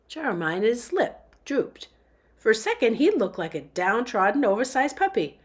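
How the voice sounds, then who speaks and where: A woman reading a novel aloud in a steady storytelling manner. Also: mid-range voice, normal speed. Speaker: book reader.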